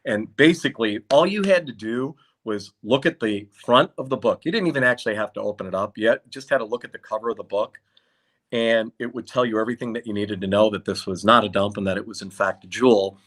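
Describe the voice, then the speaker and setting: A man's voice: on the low side, brisk. A middle-aged man, a concert promoter, telling anecdotes in conversation and acting out other people's lines. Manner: animated, acts out dialogue in quotes. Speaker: concert promoter, podcast guest.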